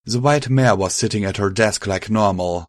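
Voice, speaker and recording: A man narrating a story audiobook in a steady, matter-of-fact reading. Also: fairly low pitch, normal speed, dry recording, clean studio sound. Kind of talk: audiobook narration of fan fiction.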